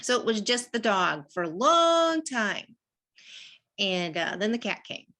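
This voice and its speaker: A woman's voice: mid-range voice, sing-song, unhurried, pushed and bright. A middle-aged woman hosting an animal messages show, telling stories in a chatty way and laughing often. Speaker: animal communicator host. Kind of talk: casual chat.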